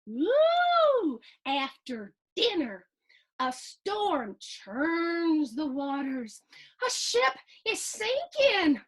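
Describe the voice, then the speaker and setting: A woman hosting a storybook reading for children, animated and sing-song, chatting with her young listeners between pages. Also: very high voice, drawn-out words. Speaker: host reading a picture book to children. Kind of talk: storybook read-aloud for kids.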